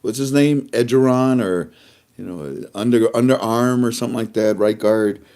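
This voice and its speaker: A man giving casual spoken commentary in a mocking, animated way, laughing between remarks and acting out little back-and-forth exchanges. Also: mid-range voice, normal speed, clear, resonant tone. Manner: animated, mocking, acts out dialogues. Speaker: online commentator.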